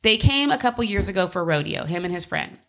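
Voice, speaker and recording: A woman's voice: fairly low pitch, expressive, quick pace, bright, forceful tone. A woman co-hosting a podcast from home, telling a personal story in casual chat, candid and swearing freely. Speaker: podcast co-host.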